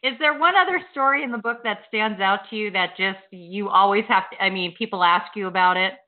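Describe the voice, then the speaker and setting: A woman's voice: medium pitch, fairly quick. A woman radio host asking her guest short questions in an interview. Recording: tinny phone line.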